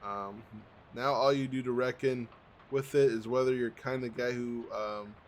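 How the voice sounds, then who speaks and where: A man casually commenting on a video game as he plays, loose and chatty, with plenty of ums. His voice sits in a middle register, and a steady hum of background noise runs under the recording. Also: mid-range voice, normal speed. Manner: relaxed, chatty, frequent ums. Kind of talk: casual let's-play commentary.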